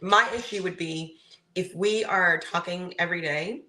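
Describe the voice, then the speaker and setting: Co-host, woman, low-pitched bright tone, thoughtful opinions in casual chat. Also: normal speed, slight background noise, poor audio. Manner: thoughtful, sets out her personal rules. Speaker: podcast co-host. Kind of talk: casual reality TV recap.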